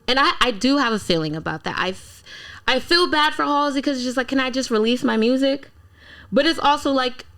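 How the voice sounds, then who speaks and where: A woman musician from Philadelphia telling stories in a casual interview, animated and acting out quotes. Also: high voice, a little fast. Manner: animated storyteller, acts out quotes, exclaims. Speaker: guest musician.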